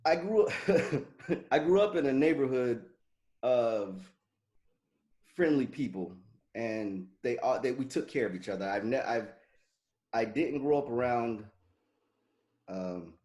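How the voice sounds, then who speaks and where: A man's voice: medium pitch, takes it slowly, long pauses. A man in his forties, a podcast co-host telling a story in casual chat, laughing often and acting out what people said. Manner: animated, laughing, acts out quoted dialogue. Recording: echoey room.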